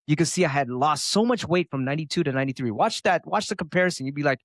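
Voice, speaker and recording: Profane, animated man in interview. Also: fairly high pitch, quick pace, no echo. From United States. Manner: profane, animated, acts out quotes. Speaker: turntablist guest. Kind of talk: casual interview talk.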